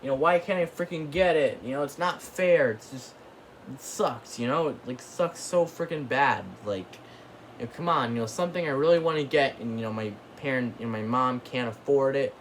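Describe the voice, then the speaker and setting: A man's voice: mid-range voice, normal speed, a little hiss or hum. A man hosting his own channel, ranting casually in a rambling way, full of filler words and mild cursing. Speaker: channel host.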